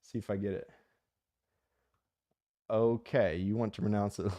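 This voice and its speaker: A man with a low, gravelly voice chats straight into the mic, dark in tone and dry in sound. He drifts between passionate rants and joking asides while reading comments from his listeners. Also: steady tone, a little slow, pauses often, dry recording. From United States. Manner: impassioned, rambling, jokey. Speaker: audiobook narrator and channel host. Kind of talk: casual chat reading comments.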